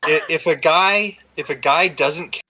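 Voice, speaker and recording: A man's voice: on the high side, a little slow, bright, forceful tone. A man hosting a podcast in casual chat, stopping and restarting his sentences over a faulty microphone. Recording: faulty mic cutting out.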